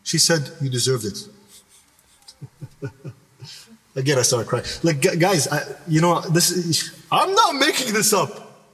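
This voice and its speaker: A man's voice: on the high side, very animated, measured pace, a bit bright, in a large hall, recorded from a distance. A young man from Canada telling a personal story in casual podcast chat, rambling with many restarts and asides.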